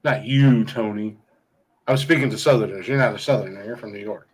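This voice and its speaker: A man's voice: fairly low pitch, fairly quick, low-quality recording. A man from Ohio hosting a podcast in casual, crude, rambling chat, laughing often. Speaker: podcast host.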